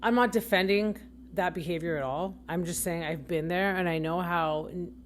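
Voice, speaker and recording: Her voice sits lowish and moves at a normal speed, with slight background noise in the clip. She's a young adult podcast host sharing casual opinion commentary, chatty and rambling, frequently correcting herself.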